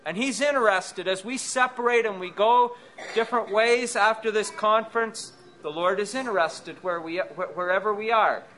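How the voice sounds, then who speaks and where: Gentle, bright-voiced man preaching. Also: high voice, moderate pace. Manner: gentle, with rhetorical asides to the hearers. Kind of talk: sermon. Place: conference hall.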